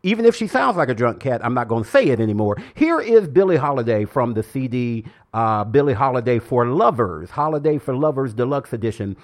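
Male jazz radio DJ, playful and unhurried between records. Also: medium pitch, animated. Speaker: radio jazz show host. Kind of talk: casual radio DJ patter.

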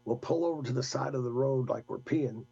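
An older man, a guest, telling a rambling, animated story in casual talk. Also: medium pitch, a little fast, gravelly, husky, highs cut off. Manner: rambling, animated anecdote with laughs.

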